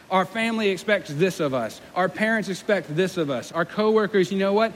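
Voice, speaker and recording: A young man preaching a sermon as pastor, in a conversational, self-deprecating way, with lively acted-out quotes. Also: high voice, a little fast, few pauses. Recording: long hall reverb with faint room noise.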